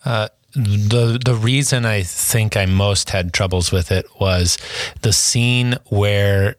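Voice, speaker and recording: Male co-host, low, dry and close, hesitant and reflective. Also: slow pace, dry recording. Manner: hesitant, thinks aloud with restarts. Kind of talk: casual radio talk about a movie.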